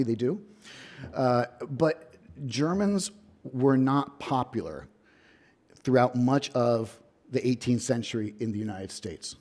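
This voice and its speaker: Guy professor giving a lecture in a hall, warm mellow voice, storyteller vibe w dry little jokes. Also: mid-range voice. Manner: wry asides, storytelling emphasis. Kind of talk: academic lecture.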